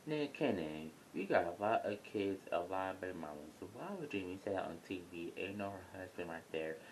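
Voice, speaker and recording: A young man with a very low voice talks through a reality show in a loose, rambling way, blunt and chatty. He records at home, and a faint rumble of planes passing overhead hums behind him. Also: a little fast, darkish tone, rough recording. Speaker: YouTuber reviewing a reality show. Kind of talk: casual review vlog. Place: home near an airport, airplane noise.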